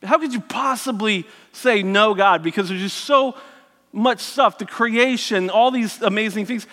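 Male speaker, high and bright, candid storyteller with many restarts, recorded in a reverberant hall. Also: a little slow. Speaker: speaker sharing his testimony. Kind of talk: personal faith story told to an audience.

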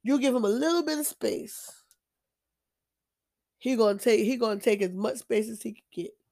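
A woman's voice: on the high side, normal speed, darkish tone. A woman sharing her own faith testimony in a casual, preachy way, emphatic and repeating herself with frequent restarts. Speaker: Christian vlogger sharing testimony.

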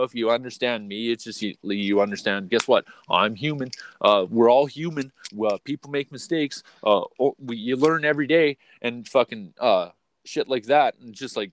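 Man, podcast host, profane, rambling, loud-then-quiet swings, middle pitch, dry close sound. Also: no echo. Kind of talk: unfiltered casual rant.

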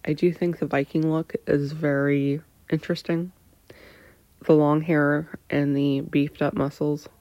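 A woman in her thirties candidly answering personal questions, hesitant and full of pauses, sometimes dropping into a breathy near-whisper. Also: low voice, flat delivery, mellow, no echo, muffled recording.

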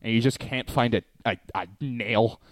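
A young man from Canada co-hosting a casual podcast, an animated storyteller who laughs and swears often. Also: medium pitch, normal speed, no echo. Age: young adult. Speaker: podcast co-host. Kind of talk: casual chat.

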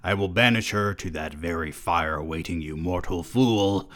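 A man voicing Lucifer, a scornful male devil threatening a mortal, in a slow, drawn-out reading. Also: low-pitched, fairly bright tone. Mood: menacing.

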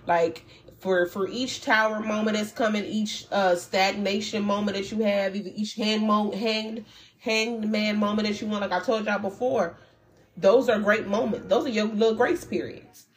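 A woman's voice: medium pitch, steady tone, normal speed, low-quality recording. A woman talking loosely and conversationally as a tarot reader, full of slang and self-interruptions. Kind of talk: casual spiritual reading for viewers.

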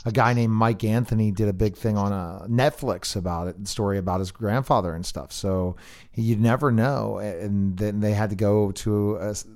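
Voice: low-pitched, steady tone, normal speed, darkish tone. A podcast host who listens closely and keeps the guest talking with short affirmations. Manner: attentive, with frequent short affirmations. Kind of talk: interviewing and reacting.

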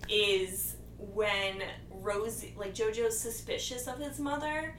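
A woman chatting enthusiastically about movies and retelling scenes quickly. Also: medium pitch, fairly even intonation, fairly bright tone, far from the mic. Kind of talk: casual chat about movies. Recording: echoey room, off-mic, faint noise.

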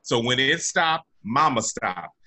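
A man co-hosting a podcast in casual chat, telling stories in an animated way and laughing often. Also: mid-range voice, takes it slowly. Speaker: podcast co-host.

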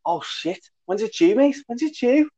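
A man's voice: very high voice, expressive, moderate pace, dark tone, voice pushed up. A man voicing a cheeky young Liverpudlian male student with a Liverpool accent and a chummy way of calling everyone mate. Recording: muffled lo-fi recording.

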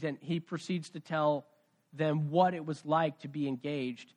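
A pastor preaching a conversational sermon, telling a story with swings between loud and soft. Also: male voice, fairly high pitch, steady tone, moderate pace.

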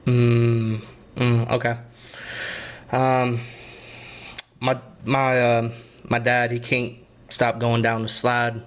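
A man in his thirties swaps corny jokes in a relaxed, casual chat. He speaks slowly at a middle pitch and fills his pauses with hesitant ums. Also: smooth. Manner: slow, drawn-out delivery with hesitant ums between jokes. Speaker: joke teller in a try-not-to-laugh game. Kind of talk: casual joke swapping.

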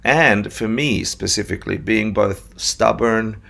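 A man's voice: fairly low pitch, a little slow, vocal fry, fairly bright tone. A man from Buenos Aires, Argentina, telling his life story as a guest in a candid, self-deprecating way with frequent restarts. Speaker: Buddhist teacher, guest. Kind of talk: conversational storytelling.

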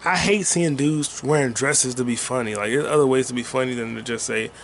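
Gravelly, profane man riffing loosely. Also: mid-range voice, brisk, slight background noise. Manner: loose, profane, riffing with sing-song asides. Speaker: podcast host. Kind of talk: rambling solo podcast while gaming.

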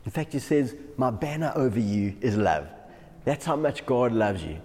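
A man's voice: mid-range voice, very animated, normal speed, darkish tone. A man, a pastor giving a devotional sermon who often chuckles through his stories. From South Africa. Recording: long hall reverb.

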